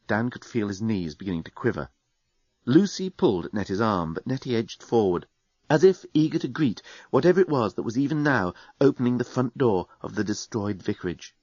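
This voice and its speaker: A man narrating an audiobook with expressive storytelling. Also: fairly low pitch, a little fast, no room sound. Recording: dry, dull studio recording.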